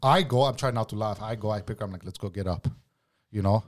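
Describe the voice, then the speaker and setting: A man's voice: lowish voice, fast talker. Man, casual podcast guest, heated, profane, acts out the dialogue. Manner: acts out both sides of arguments. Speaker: guest telling a work story.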